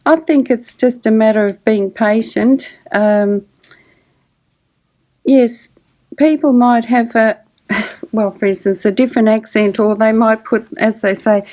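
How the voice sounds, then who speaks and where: Older aussie lady, fairly high voice, deadpan jokes, laughs at her own lines. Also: unhurried. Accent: Australian. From Australia. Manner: dry, joking, laughs at her own quips. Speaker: guest mentor. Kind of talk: casual conversation.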